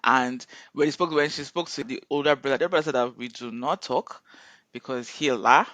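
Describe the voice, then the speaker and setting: A man tells a story in a relaxed, chatty recap. He often slips into quoted voices and keeps a lively, amused tone. The recording is close and dry. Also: mid-range voice, a little fast, no echo. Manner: animated retelling with frequent laughter and quoted voices. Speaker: co-host reviewing a viral video series.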